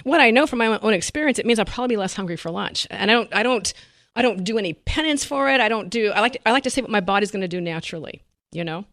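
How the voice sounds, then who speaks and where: Middle-aged woman dietitian, fast and animated podcast guest, dry close mic. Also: mid-range voice, dry recording. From United States. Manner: animated, laughs often, acts out patients' voices. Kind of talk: podcast interview.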